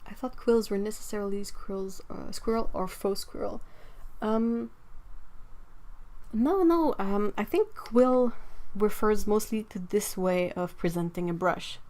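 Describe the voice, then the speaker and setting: A woman hosting a relaxed painting livestream and chatting as she works. She reads out viewer comments and laughs easily, at a mid-range pitch. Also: a little slow. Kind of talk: casual chat while painting.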